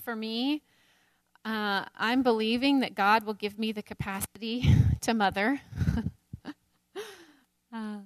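A woman's voice: on the high side, fairly even intonation, slow, long pauses, no echo. A woman in her thirties leading a Bible study, talking candidly about faith and motherhood and laughing often at herself. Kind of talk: teaching a women's Bible study.

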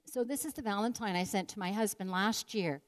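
An older woman speaks fairly quickly at a medium pitch, sharing a personal story. Her devotional talk is earnest and reflective.

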